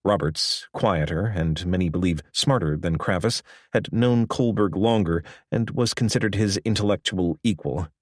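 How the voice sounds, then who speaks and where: A man with a fairly low voice reads a nonfiction audiobook in a measured, even way. The recording is dry and close, with no room sound. Each phrase comes out steady and clear. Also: no room sound. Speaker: audiobook narrator. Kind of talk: scripted audiobook narration.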